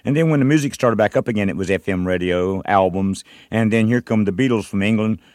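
A man's voice: fairly low pitch, brisk, darkish tone, no echo, studio quality. An older man from North Carolina, a musician guest in an interview, telling long stories in a rambling way with many restarts and "you know"s. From North Carolina, USA. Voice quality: short of breath.

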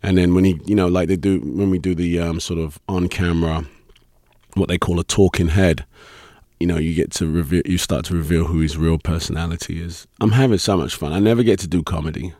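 A British man, an actor guest, chatting casually in an interview, chuckling often and filling pauses with um and you know. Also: low voice, no room sound, clean studio sound. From Britain. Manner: relaxed, chuckling, many ums and you-knows.

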